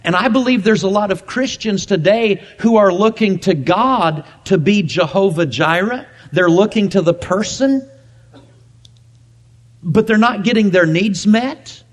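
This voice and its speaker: Male pastor, high voice, emphatic sermon delivery with deliberate repetition.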